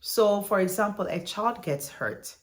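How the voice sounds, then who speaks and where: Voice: medium pitch, animated, unhurried. Parenting teacher who keeps asking "right?". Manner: checks in with listeners with "right?" after points; asks listeners reflective questions. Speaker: parenting educator.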